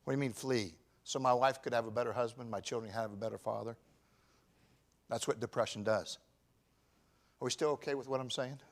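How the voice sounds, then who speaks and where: A pastor in his fifties preaching a sermon, swinging from shouted emphasis to quiet, personal confession. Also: mid-range voice, steady tone, fairly quick, pauses often. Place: church.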